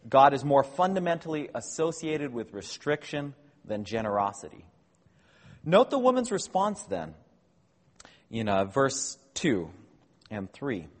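A man gives a measured scripture lecture in a slightly husky voice. He explains each point patiently and corrects himself now and then. His voice rings with a long reverb, as if heard in a large hall. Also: medium pitch. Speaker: Bible teacher.

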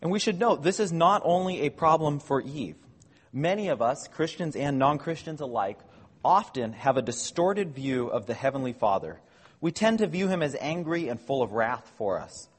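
Husky-voiced man lecturing in a reverberant hall. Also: fairly high pitch, lively intonation. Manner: measured, explanatory, with small self-corrections. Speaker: Bible teacher. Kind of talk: lecture on scripture.

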